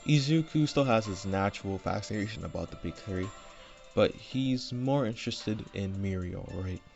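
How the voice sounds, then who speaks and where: A man's voice: on the low side, normal speed, gravelly, darkish tone, dull audio, soft background music. A man casually retelling his own fan story unscripted, rambling with fillers and frequent "right?" asides, recorded on a home desk microphone. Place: home room.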